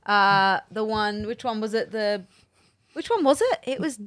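A woman's voice: mid-range voice, expressive, measured pace, fairly bright tone. A woman co-hosting a casual podcast, chiming in with short easygoing remarks. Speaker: podcast co-host. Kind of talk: casual chat.

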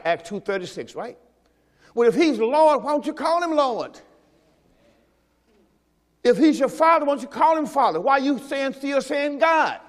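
Man, pastor, high voice, sermon, rhetorical questions, slow emphatic scripture, long hall echo. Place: church service.

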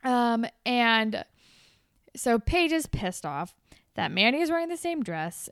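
A woman's voice: on the high side, very animated, takes it slowly, a bit bright, clean tone, no echo, clean studio sound. A young woman co-hosting a podcast, chatting casually, swearing and acting out characters in raised voices. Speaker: podcast co-host. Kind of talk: casual recap chat.

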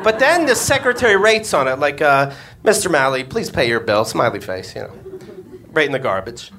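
A man's voice: high-pitched, a bit bright, slight background noise. A man, a comedian and podcast host, telling a crude story on stage before a live audience and acting out the voices he quotes.

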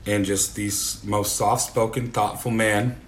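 Low-voiced guy from the upper midwest, chatty and rambling, bit of noise in the background. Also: flat delivery, unhurried. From American Upper Midwest. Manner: rambling, laid-back, frequent fillers. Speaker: podcast co-host. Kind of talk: casual chat.

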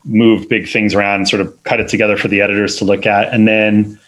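A man's voice: fairly low pitch, level tone, quick pace, a bit bright, low-quality recording. A man, a film editor, talking casually in an interview, rambling with many fillers and restarts. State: parent of two little kids.

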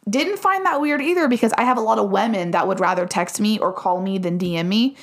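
A woman's voice: medium pitch, quick pace. Chatty woman telling a story. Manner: chatty, animated retelling with many fillers. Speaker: storyteller on a podcast. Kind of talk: casual chat.

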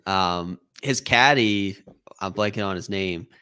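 A man's voice: sits low, slow, bright, forceful tone, smooth. A man co-hosting a casual golf-betting podcast, musing in a wry, easygoing way. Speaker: podcast co-host. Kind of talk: casual sports-betting chat.

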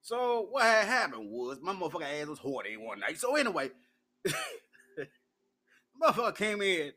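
A man's voice: on the high side, big pitch swings, moderate pace, bright, forceful tone. A man from Memphis, hosting an uncensored solo talk show, brash and profane, laughing often as he tells his stories.

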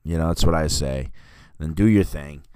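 Deep-voiced man rambling about a film. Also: moderate pace, warm tone, clear, resonant tone, dry recording. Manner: rambling, full of fillers and self-corrections. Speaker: podcast host reviewing a film. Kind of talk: casual film review chat.

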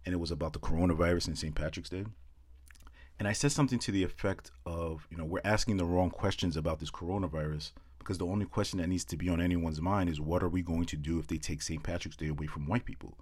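A man's voice: deep voice, steady tone, quick pace, darkish tone, husky, no room sound. A young man doing a brash, profane stand-up monologue, breaking into chanted comic poems. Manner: brash, profane, rhythmic poem delivery. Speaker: comedian.

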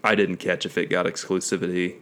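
A man with a fairly low voice talks in a relaxed, casual way. He hedges often and thinks aloud as he goes. He sounds like a co-host trading opinions with a friend. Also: a little fast. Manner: easygoing, hedging, thinks aloud. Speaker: podcast co-host. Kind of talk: casual chat about video games.

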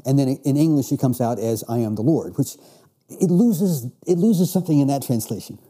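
A man's voice: medium pitch, lively intonation, quick pace, warm tone. A man teaching a Bible class, reading verses aloud and explaining them with emphatic restarts. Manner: reads scripture then explains with emphatic restarts.

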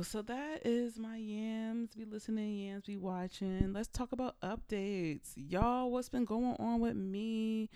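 A woman's voice: medium pitch, steady tone, takes it slowly, creaky, mellow, clean tone, no room sound, studio quality. A woman hosting a podcast, chatting casually and playfully, talking straight to her listeners. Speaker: podcast host. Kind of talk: casual chat. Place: indoors, at home.

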